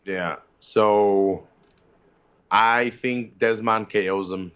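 A man co-hosting a casual fight-sports podcast, talking excitedly and swearing casually. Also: lowish voice, very slow, clear, resonant tone. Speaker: podcast co-host. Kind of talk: casual chat. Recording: slightly dull lo-fi sound.

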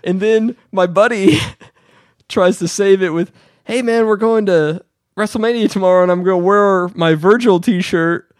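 Through clean studio sound with no echo, a male podcast co-host speaks at a measured pace in a smooth voice. He tells a story during casual chat, animatedly performing the quotes with pitch jumps.

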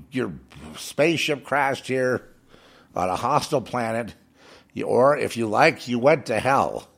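Slow, gravelly fervent preacher man. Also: medium pitch. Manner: fervent, scornful, repeats phrases for emphasis. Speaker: radio preacher. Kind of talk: impassioned preaching monologue.

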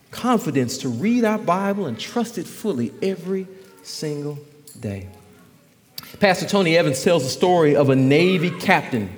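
Preacher, male, very high voice, emphatic repetition, long hall reverb. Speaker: pastor. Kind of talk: sermon.

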